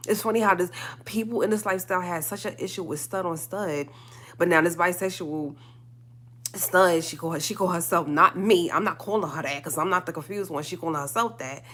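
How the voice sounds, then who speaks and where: Woman going off on a livestream, lowish voice, keeps repeating herself for emphasis, slangy. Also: a little fast, fairly bright tone. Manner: emphatic, repeating lines for stress, with slangy asides. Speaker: livestream host. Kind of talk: heated solo livestream rant.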